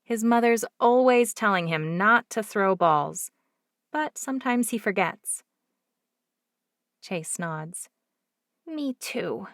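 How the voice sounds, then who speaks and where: A woman narrating a first-person romance audiobook in a lively, expressive way. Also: mid-range voice, takes it slowly, long pauses, no echo, studio quality.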